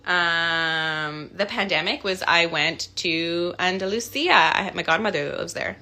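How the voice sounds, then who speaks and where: Bright, chatty Canadian woman. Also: on the low side, slow pace. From Canada, part childhood in Scotland. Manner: chatty, bubbly, thinking aloud while signing. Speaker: voice actor signing autographs on a livestream. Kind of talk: casual livestream chat.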